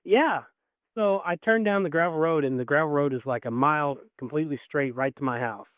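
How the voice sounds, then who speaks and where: A man with a slightly high voice calls a late-night radio show and talks a little fast on a dry recording. As a caller, he tells a long personal story in a rambling, emotional way, filled with "like" and "you know."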